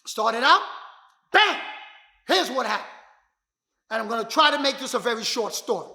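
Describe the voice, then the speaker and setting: A martial arts instructor telling his story as a motivational talk, emphatic and repetitive, often bursting into shouts. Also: extremely high pitch, animated, moderate pace, long pauses. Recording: echoey room.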